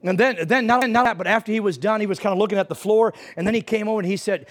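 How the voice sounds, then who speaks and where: Guy preaching, voice sits pretty high, gets emotional then loud and fervent praying. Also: racing. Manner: emotional storytelling, building to fervent prayer. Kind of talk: sermon.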